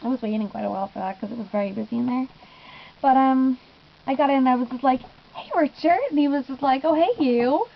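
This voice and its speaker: Young female vlogger, higher voice, excitable and giggly storytelling, dull home recording. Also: fast talker, vocal fry. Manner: gushing, giggly, lots of "I was just like". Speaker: fan vlogger. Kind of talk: casual storytelling vlog.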